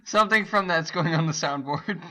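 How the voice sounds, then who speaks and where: A man's voice: on the high side, a little fast, pushed and bright, dull audio. A young man hosting a podcast, giggling often and mocking himself. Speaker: podcast host. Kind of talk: casual chat.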